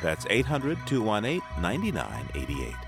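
A male radio host with a low voice that rises and falls freely as he reads show announcements. His delivery is conversational and lively, with clear music playing behind him. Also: moderate pace.

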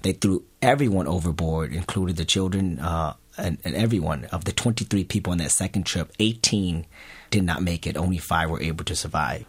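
A man telling a personal family story to an audience, earnest and halting, often restarting his sentences. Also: low-pitched, slightly rough, no echo.

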